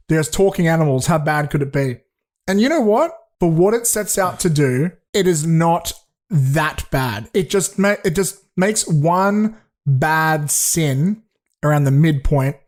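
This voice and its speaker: Rambling young man reviewing films. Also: a little high. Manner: rambling, swearing, frequent restarts and fillers. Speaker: podcast co-host reviewing films. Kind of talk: casual film review chat.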